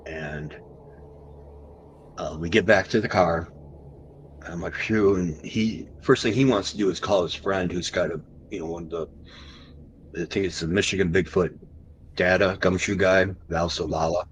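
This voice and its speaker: A man as a podcast guest, recounting an encounter story animatedly and slowing down for the tense moments. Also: low voice, fairly even intonation, a little hiss or hum, low-quality recording.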